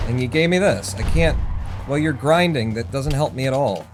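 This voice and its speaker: A man's voice: mid-range voice, lively intonation, normal speed. A man streaming a speedrun, commenting on his play while swearing and talking to himself. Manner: swears often, mutters running self-talk. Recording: game music under voice.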